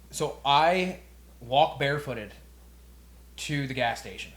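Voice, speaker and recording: A young man co-hosting a podcast and spinning a comedic story. His voice sits in a middle pitch, and he swears freely and laughs as he goes. The delivery is loose and animated. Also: measured pace. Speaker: podcast co-host. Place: quiet room.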